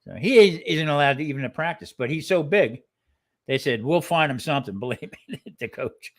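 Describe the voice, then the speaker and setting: A man's voice: a little high, lively intonation, brisk. An older man co-hosting a cooking show in casual live-stream chat, rambling and restarting his sentences with frequent exclamations.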